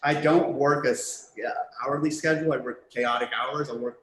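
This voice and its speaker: Brief: male podcast guest, mid pitch, measured and matter-of-fact, recorded in an echoey room. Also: fairly even intonation, fairly bright tone, a little hiss or hum. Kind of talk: casual interview chat.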